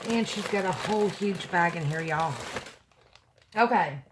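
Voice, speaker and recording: Against a noisy background, a vlogger with a fairly low voice opens a gift package at home at night, speaking a little slowly. She gushes over it excitably, gasping and exclaiming, and chats casually with viewers she calls "y'all."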